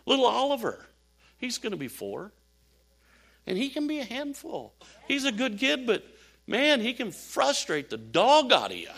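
An older man preaching a sermon, telling animated stories with laughs and asides. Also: very high voice, moderate pace, creaky, husky. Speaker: pastor.

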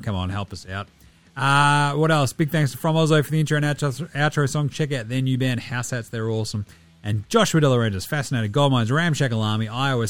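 A man, signing off his podcast in a laid-back, cheeky and slangy way. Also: mid-range voice. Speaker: podcast host. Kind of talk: casual podcast sign-off.

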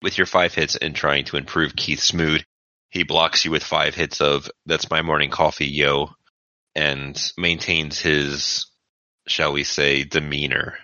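Deep-voiced man running a tabletop game. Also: little pitch movement, unhurried, sharp tone, no echo, muffled recording. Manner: casual, descriptive, loose. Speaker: game master.

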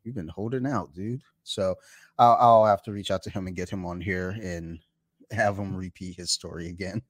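A man's voice: sits low, fairly even intonation, normal speed, no room sound. A man hosting a podcast, telling stories in a rambling, laid-back way with lots of fillers. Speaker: podcast host. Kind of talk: casual chat. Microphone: home podcast mic.

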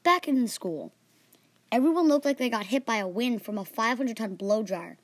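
A young girl narrating her own podcast tale, earnest and animated, stumbling now and then. Her voice sits fairly high and sounds dry and close to the mic. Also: normal speed, no echo. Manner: earnest, animated reading with small slips. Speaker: podcast host and storyteller.

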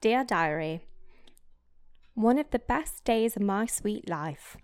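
A woman reading a diary aloud in a put-on British accent, voicing a giddy, breathless teenage girl with a high, gushing voice. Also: animated, takes it slowly, darkish tone. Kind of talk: dramatic reading of diary entries.

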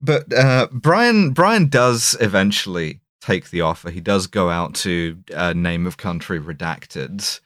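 A low-pitched man co-hosting a podcast, talking through a film scene by scene. He rambles, restarts, and leans on fillers. The sound is dry and close. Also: lively intonation, unhurried, few pauses, a bit bright, dry recording. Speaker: podcast co-host. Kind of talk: casual film discussion.

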